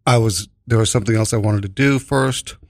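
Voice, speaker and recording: A man's voice: on the low side, fairly even intonation, brisk, dry recording. A man hosting a radio show, chatting casually on air in a studio at a microphone. He rambles, jokes and swears freely.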